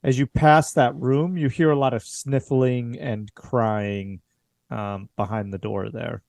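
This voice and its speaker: A man's voice: medium pitch, fairly even intonation, slow, vocal fry, a little mellow, no room sound. A man runs a horror tabletop game as game master. His narration is loose and full of fillers. The sound is dry and close.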